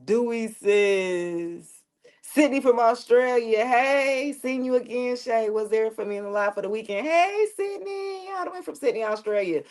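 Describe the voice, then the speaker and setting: A woman's voice: on the high side, expressive, moderate pace, a little mellow. A woman reading tarot on a live stream, chatting casually and joking with slang and profanity, often laughing as she talks.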